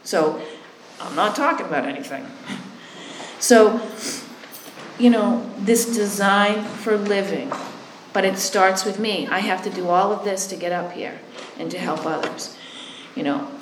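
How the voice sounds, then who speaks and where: A woman's voice: mid-range voice, measured pace, echoey room, a little hiss or hum, low-quality recording. A woman speaking candidly about sponsoring people in recovery, blunt and a bit sarcastic, acting out both sides of conversations. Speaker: recovery sponsor and halfway house worker. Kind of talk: candid personal testimony.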